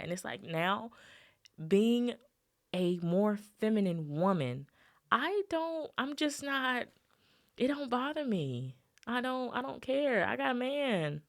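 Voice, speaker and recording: A young adult woman hosts her own podcast alone, with a voice that sits a little on the low side. She talks to her audience in a loose, chatty way and slides into lively rants. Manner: chatty, animated, addresses listeners as "y'all", ranting with laughs. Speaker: podcast host. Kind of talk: casual solo podcast talk.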